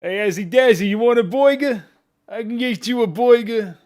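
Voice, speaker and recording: A man voicing a brash, loud city guy offering a burger, with exaggerated, mangled vowels. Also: extremely high pitch, moderate pace, pitched above the performer's own voice.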